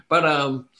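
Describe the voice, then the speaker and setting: A man narrating a tabletop game as game master, relaxed and joking. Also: fairly high pitch.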